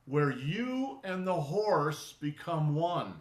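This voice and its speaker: A man teaching an online qigong class, talking in a relaxed, conversational way that often stops and restarts. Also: fairly high pitch, slow. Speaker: qigong instructor. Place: indoor studio for online class. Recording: roomy echo.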